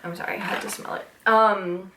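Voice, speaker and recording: A woman in her thirties chatting excitedly as she unboxes nostalgic items, gushing and gasping with delight and talking with plenty of fillers. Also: medium pitch, moderate pace, slight background noise. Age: 30s. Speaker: vlogger.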